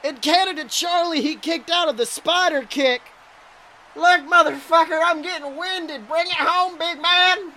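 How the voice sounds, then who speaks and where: A man voicing a crude, excitable wrestling announcer who calls the action in profane play-by-play. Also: very high-pitched, unhurried, slight background noise, exaggerated voice. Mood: excited. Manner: profane, excitable, shouts big moves. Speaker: wrestling commentator character. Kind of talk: comedic play-by-play commentary.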